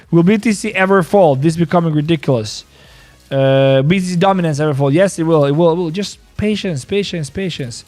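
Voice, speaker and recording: A man runs a casual live trading stream, his voice sitting high. He talks in excited bursts and repeats his points again and again. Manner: excitable, repeats himself, calls people bro. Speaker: crypto live-stream host.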